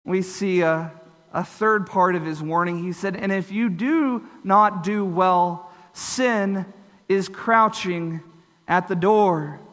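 A man's voice: high-pitched, slow, a bit bright, long reverb tail. A man preaching a sermon, earnest and explanatory, slipping into short voiced asides.

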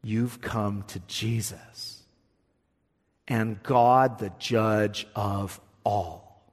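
A man's voice: on the low side, steady tone, drawn-out words. A male pastor preaching a sermon with emphatic delivery, often repeating words as he presses a point. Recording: long hall reverb.

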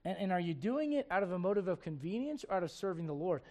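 A man preaching a sermon as pastor, firing rhetorical questions at the congregation and acting out the voices he quotes, swinging from loud emphasis to quiet asides. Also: high voice, very animated, quick pace.

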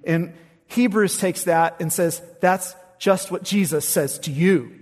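A man's voice: high-pitched, takes it slowly. Man preaching in an echoing hall. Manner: emphatic scripture reading, soaring on quoted verses. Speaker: pastor. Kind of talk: sermon. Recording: long reverb of a large hall.

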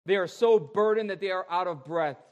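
A man preaching a sermon as a pastor, drawing out repeated phrases and moving between loud stresses and quiet asides. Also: high voice, lo-fi sound. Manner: emphatic, drawn-out repeated phrases, shifting between loud and soft.

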